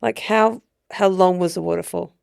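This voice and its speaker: A woman's voice: fairly low pitch, steady tone, normal speed, vocal fry, darkish tone, dry recording, studio quality. A woman co-hosting a podcast in casual chat, cutting in with jokes and teasing comments. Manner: joking, teasing interjections. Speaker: podcast co-host.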